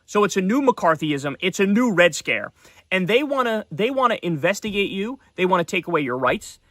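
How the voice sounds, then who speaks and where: Fired-up profane man ranting, bright edge. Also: high-pitched, sing-song, moderate pace, no room sound, clean studio sound. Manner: heated, profane, repetitive emphasis. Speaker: political commentary show host. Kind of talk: ranting political commentary.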